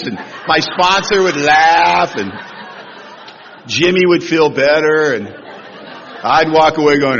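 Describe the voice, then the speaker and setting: Older man, husky voice, humorous animated storytelling, long hall reverb, dull lo-fi sound. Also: moderate pace, some chatter behind, a little hiss or hum. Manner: humorous, animated storytelling with big swings in pitch and loudness. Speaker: recovery meeting speaker. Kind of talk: storytelling talk at a recovery convention. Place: large convention hall.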